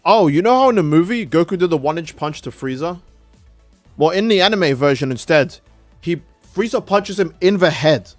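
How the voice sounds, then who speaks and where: A man's voice: fairly high pitch, lively intonation, moderate pace, no echo, soft background music. Profane, heated male streamer ranting. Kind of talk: casual live-stream rant.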